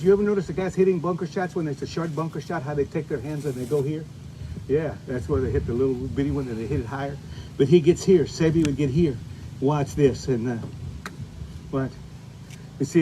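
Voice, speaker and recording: An older man with a somewhat high voice gives a golf lesson outdoors. He talks in a folksy, chatty way and keeps pointing students to what he is demonstrating. Faint noise hums behind him. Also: warm tone. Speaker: golf instructor.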